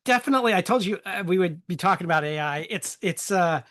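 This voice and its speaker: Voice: medium pitch, expressive, quick pace, fairly bright tone. A co-host recapping a film's plot in a casual, conversational way, laughing lightly now and then. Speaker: podcast co-host.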